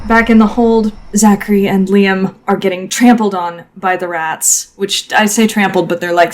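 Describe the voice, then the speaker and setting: A woman's voice: lowish voice, slight background noise. A woman narrating a tabletop game as game master, setting scenes vividly with lots of casual fillers.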